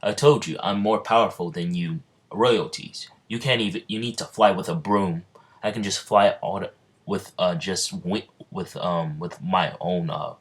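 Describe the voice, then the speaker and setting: A brash young swordsman who boasts and taunts without pause, as a man puts him on. The voice stays fairly low, only a touch above the narrator's own deep tone. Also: fairly bright tone.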